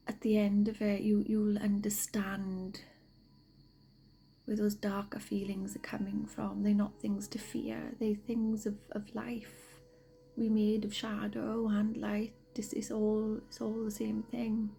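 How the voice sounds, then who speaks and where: A woman giving gentle spiritual guidance, slow and often half-whispered, sniffly from a cold. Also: mid-range voice, completely flat delivery, gravelly, slight background noise, rough recording. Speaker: spiritual card reader. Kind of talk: soft-spoken spiritual guidance.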